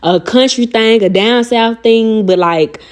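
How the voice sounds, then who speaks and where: A young woman with a Southern country accent from Arkansas, chatting fast and slangy to viewers as she does her own nails. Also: a little high. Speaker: nail vlogger. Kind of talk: casual voice-over tutorial chat.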